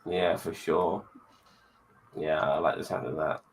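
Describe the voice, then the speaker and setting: A man hosting a casual online chat show, blunt and quick to swear, with cheery sign-offs. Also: extremely low pitch, fairly even intonation, vocal fry, low-quality recording. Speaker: podcast host.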